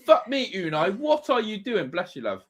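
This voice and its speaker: A man's voice: sits high, very animated, normal speed, fairly bright tone. A man hosting a live football watch-along, ranting and swearing in exasperation at his team. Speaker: fan channel host.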